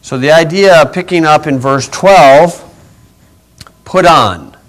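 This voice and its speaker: A man's voice: fairly high pitch, normal speed. A man teaching from the Bible in an easygoing, homespun way. He chuckles often and drifts into side stories. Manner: folksy, chuckling, rambling asides. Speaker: pastor.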